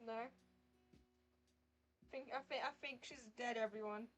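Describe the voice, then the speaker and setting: A woman streamer reading a dating game aloud and reacting with animated, exasperated asides. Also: sits high, slow, soft background music.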